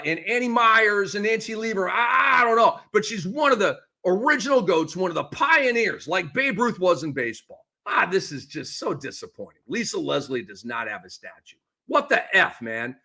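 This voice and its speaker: Excitable high-pitched male sports host. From lives in the Tampa Bay area. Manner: excitable, ranting, quick shifts in volume. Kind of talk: animated solo sports commentary.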